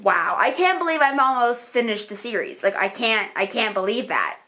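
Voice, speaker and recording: A young adult woman chatting excitedly in a casual reading vlog, with lots of "like" fillers. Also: fairly high pitch, moderate pace. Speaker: book vlogger.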